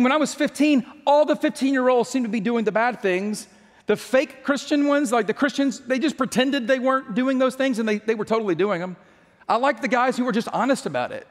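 A man with a notably high voice tells a personal story from the pulpit. He is a chatty, self-mocking storyteller who trips over his words and restarts often. His voice rings out in a big hall with a long reverb tail. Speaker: pastor. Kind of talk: storytelling sermon.

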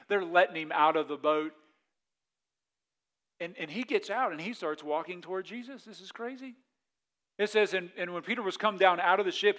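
A male pastor preaching a sermon, telling the story with lively acted-out panic and dropping to quiet, reflective asides. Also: sits high. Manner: animated storytelling, acts out the disciples' panic in a raised voice; drops to a quiet, soft delivery for reflective points.

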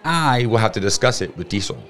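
A man voicing a spunky young girl who owns a rooster, speaking in a higher, bossy voice. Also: lively intonation, a little fast, a bit bright, some chatter behind. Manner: bold, bossy, higher girlish voice.

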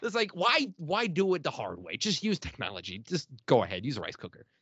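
A man with a lively, bouncing voice hosts a casual podcast, joking around and laughing often. The sound is dry and a little dull and lo-fi, close and without room echo. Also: on the high side, slightly rough. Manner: animated, jokey, quick to laugh. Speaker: podcast host. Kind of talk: casual chat.

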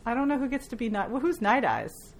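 A woman hosting a casual book club podcast, animated and jokey. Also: on the high side, fast talker, slight background noise. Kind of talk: casual chat.

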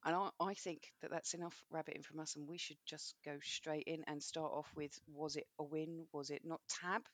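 A woman's voice: low voice, flat delivery, normal speed, no room sound. A woman co-hosting a podcast, chatting casually with a lot of swearing and laughter. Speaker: podcast co-host. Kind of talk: casual chat.

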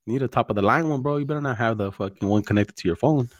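A man's voice: mid-range voice, racing. A man, hosting a casual chat, swearing a lot and mixing in Spanish slang. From California. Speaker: podcast host.

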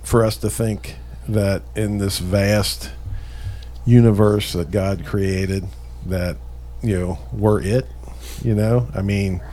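Guy on a podcast, lowish voice, rambles with lots of you knows, bit of hiss behind. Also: steady tone, slow pace, warm tone. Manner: rambling, many fillers. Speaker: podcast co-host. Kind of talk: casual chat.

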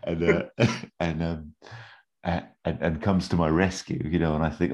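A man in his forties with a strikingly deep, low voice talks casually on a podcast. He tells a childhood memory in a relaxed, rambling way and laughs often. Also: normal speed. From London. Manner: reminiscing storyteller, laughs often. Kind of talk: casual chat.

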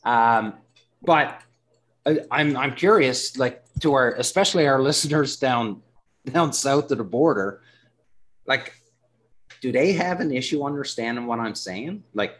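A man's voice: medium pitch, expressive, a bit bright. Newfoundland-accented male podcast host, casual and rambling. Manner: chatty, rambling, quick to laugh.

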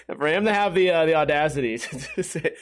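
An animated young man tells stories at normal speed in a relaxed monologue. He swears a lot, laughs, and mimics the people he describes with a higher voice.

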